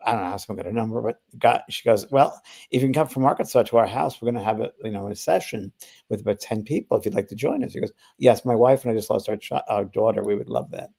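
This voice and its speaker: A man's voice: medium pitch, gravelly, dark tone. An older man and spiritual medium, telling a long anecdote in a rambling way, full of restarts and acted-out quotes. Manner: rambling, many restarts and fillers, acts out quoted voices. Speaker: spiritual medium, podcast guest storyteller. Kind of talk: casual anecdotal storytelling.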